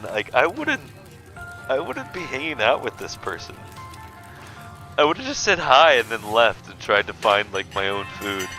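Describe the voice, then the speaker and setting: A man doing let's play commentary, jokey and excitable, swearing freely while reading game text aloud. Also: medium pitch, low-quality recording. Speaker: gaming streamer.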